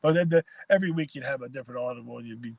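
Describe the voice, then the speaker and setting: A man's voice: mid-range voice, rapid-fire, gravelly, a little mellow, dry recording. A man, a former quarterback, chatting casually from his car, laughing through stories, swearing and stumbling over repeated words. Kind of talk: casual sports chat.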